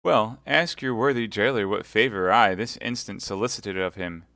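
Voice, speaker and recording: A man's voice: lowish voice, normal speed, sharp tone, no echo, clean studio sound. A man voicing a scheming captive noblewoman who pleads and seduces in a theatrical way. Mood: coaxing.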